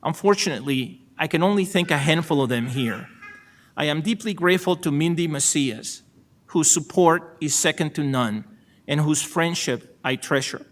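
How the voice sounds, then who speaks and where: Middle-aged guy w a salvadoran accent giving a formal thank-you speech, measured, dry jokes, voice a bit on the high side. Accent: Salvadoran Spanish. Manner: measured and gracious, with dry self-deprecating humor. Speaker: newly appointed state supreme court justice. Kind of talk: formal ceremonial acceptance speech.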